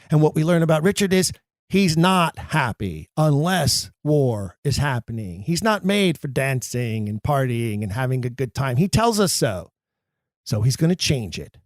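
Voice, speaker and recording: A man with a voice pitched a little high talks emphatically and theatrically about stage verse, like a drama teacher. The sound is close and dry, with no room around it. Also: no echo. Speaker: podcast host. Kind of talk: scripted lecture on acting Shakespeare.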